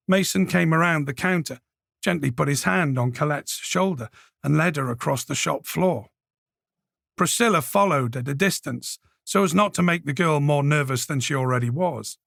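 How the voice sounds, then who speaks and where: A man reading a crime thriller audiobook with measured, scripted narration. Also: a little high, gravelly, a bit bright, no room sound, clean studio sound. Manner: measured storytelling.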